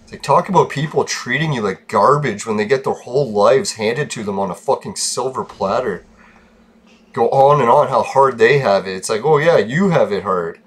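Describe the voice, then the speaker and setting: Vlogger man, middle pitch, frustrated and sweary, venting to viewers in casual talk. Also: moderate pace, a bit bright, husky. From Canada. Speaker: gaming channel host. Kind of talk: casual vlog rant.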